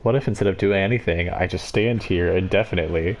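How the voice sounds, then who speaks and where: A man's voice: deep voice, quick pace. A man streaming a game live, giving sarcastic, mocking commentary on what he sees.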